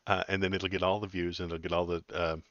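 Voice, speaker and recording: Streamer host, male, deep and conversational, chatty with viewers, dull close sound. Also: level tone, quick pace, fairly bright tone, no echo. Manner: chatty, reads news aloud and reacts to chat. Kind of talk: casual live-stream commentary.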